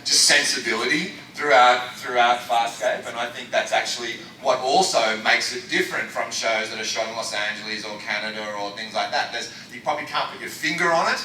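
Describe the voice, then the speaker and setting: Bright-voiced Australian man, rambling on a panel. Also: medium pitch, a little hiss or hum. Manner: rambling, enthusiastic, many restarts. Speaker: actor on a convention panel. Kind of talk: casual panel talk. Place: large convention hall. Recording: echoey hall recorded from far off.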